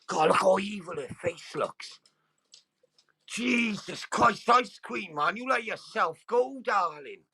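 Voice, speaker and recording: A man chatting casually on a livestream from home, crude and mocking, swearing constantly, with sudden loud outbursts. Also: high voice, animated, takes it slowly, vocal fry, breathy edge, no echo. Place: at home with dogs nearby.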